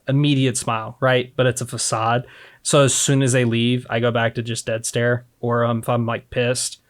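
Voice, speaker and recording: Male co-host, casual and quick, animated, mid-pitched. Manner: fast-talking, animated, swearing freely. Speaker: podcast co-host. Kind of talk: casual chat.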